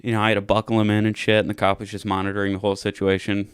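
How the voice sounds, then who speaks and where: Telling a long story about a drunken night out, this young podcast co-host keeps it casual and profane, bringing the quotes to life animatedly. He speaks at a racing pace in a lowish, smooth voice, captured in studio quality with no echo.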